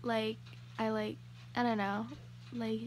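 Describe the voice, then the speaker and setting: A woman's voice: on the high side, little pitch movement, slow pace, a little hiss or hum. A young woman YouTuber gushing to her viewers in a casual vlog, with lots of fillers.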